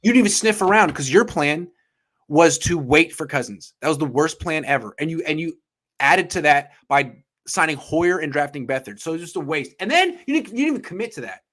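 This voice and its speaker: A man's voice: fairly high pitch, lively intonation, fairly quick, a bit bright. Ranting man in heated sports talk. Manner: ranting, profane, emphatic bursts. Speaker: sports podcast host.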